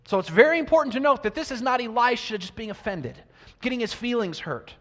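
A man preaching a sermon. He asks his listeners many rhetorical questions and swings between loud emphasis and quiet asides. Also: very high voice, expressive, a little fast. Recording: long reverb of a large hall.

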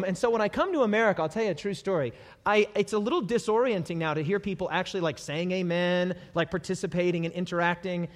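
A man preaching a sermon as a pastor, enthusiastic, breaking into shouted hallelujahs. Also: high-pitched. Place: church hall. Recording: long hall reverb.

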